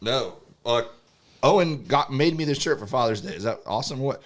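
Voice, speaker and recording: A man's voice: mid-range voice, animated, fairly quick. Laid-back man telling a story on a podcast. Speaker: podcast co-host. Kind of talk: casual comedic chat, storytelling.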